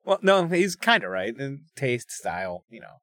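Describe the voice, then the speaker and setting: A man's voice: medium pitch, very animated, moderate pace, fairly bright tone, dry recording, studio quality. A man co-hosting a podcast in casual chat, joking and chatty. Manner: chatty, joking, laughs between remarks. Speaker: podcast co-host.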